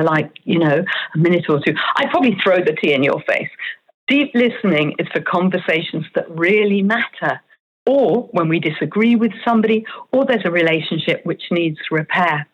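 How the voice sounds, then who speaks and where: A woman's voice: mid-range voice, slightly rough. A woman, an author and coach, explaining her ideas step by step in an earnest interview. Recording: dull lo-fi audio.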